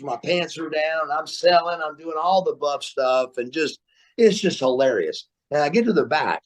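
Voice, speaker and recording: A man guesting on a podcast, telling stories in an animated way, repeating words and laughing as he goes. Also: a little high. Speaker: guest, former wrestler. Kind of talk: storytelling interview. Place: remote interview, podcast.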